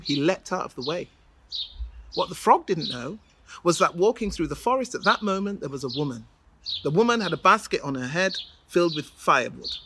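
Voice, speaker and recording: A woman's voice: on the low side, noisy background. A woman storyteller telling a folk tale with rhythmic repetition and dramatic build-ups.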